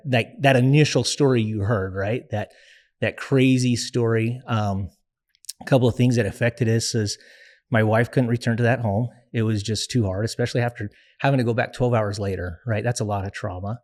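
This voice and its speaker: A young adult man, a guest in an interview, telling a personal story in an earnest, reflective way with frequent pauses and fillers. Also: mid-range voice, a little mellow.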